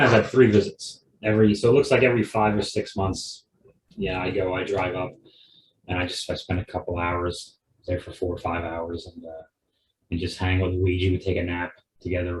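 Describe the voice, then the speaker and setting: Man, lowish voice, rambling comedy podcast chat, wry, echoey room. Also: flat delivery, brisk, a little hiss or hum. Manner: rambling, digressive, with frequent restarts; wry and offhand. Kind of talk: casual solo podcast monologue. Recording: roomy echo.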